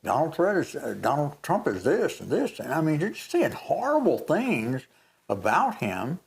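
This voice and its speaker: A man's voice: on the high side, moderate pace, creaky. Older man telling a story with animation. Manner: animated storytelling, re-enacts moments. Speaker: co-host. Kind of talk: casual chat.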